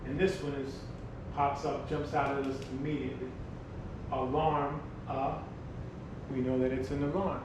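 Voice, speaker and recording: A man teaching a Spanish class, patiently explaining and sounding words out slowly in a classroom, picked up by a camera mic at a distance. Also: medium pitch, level tone, background noise. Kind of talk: classroom demo lesson. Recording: very echoey classroom, from the mic, music behind.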